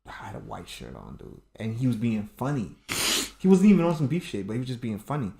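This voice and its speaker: A man's voice: medium pitch, very animated, fast talker, gravelly, warm tone, reverberant. A man co-hosting a casual chat at home, laid-back and stumbling over his first words. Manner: laid-back, repeats words when starting. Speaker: podcast co-host.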